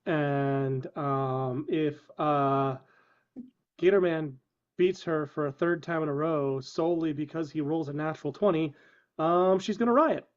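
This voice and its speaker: A man reminiscing fondly in casual chat with the group, halting and thoughtful. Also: on the high side, clean tone. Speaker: player. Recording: muffled lo-fi audio.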